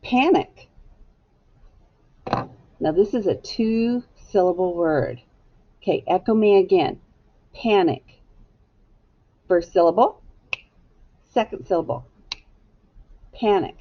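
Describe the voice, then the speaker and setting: A woman teacher giving a patient, clearly paced phonics lesson to young children. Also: medium pitch, lively intonation, slow pace, long pauses, highs cut off.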